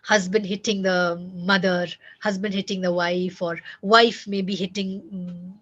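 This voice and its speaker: A woman's voice: lowish voice, little pitch movement, a little slow, a bit bright, lo-fi sound. A woman giving earnest, emphatic parenting advice, repeating key words and speaking directly to listeners. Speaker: parenting coach.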